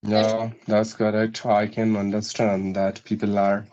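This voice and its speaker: A man's voice: lowish voice, completely flat delivery, a little slow, mellow, dull audio. A man with an Indian English accent, an English teacher asking a student questions patiently, with hesitant fillers. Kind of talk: conversation practice interview.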